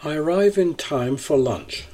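Husky-voiced man reading a travel essay. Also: on the high side, expressive, unhurried, a little mellow. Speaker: narrator.

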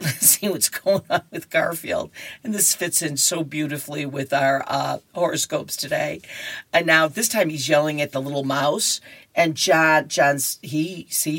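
A woman's voice: sits low, a bit bright, slightly rough. A woman reading horoscopes and comic strips for a radio reading service, chatty with giggles and restarts.

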